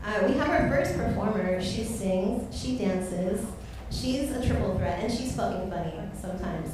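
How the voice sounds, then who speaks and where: A woman's voice: mid-range voice, animated, moderate pace, very echoey, recorded from a distance, noisy background. A woman hosting a stand-up comedy show from a club stage, giggly, loose and bawdy.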